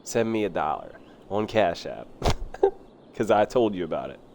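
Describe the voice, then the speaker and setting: A man streaming a city-building game live, rambling excitedly and talking to himself as he plays. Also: low voice, unhurried, creaky, a little hiss or hum. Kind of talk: casual live gameplay commentary.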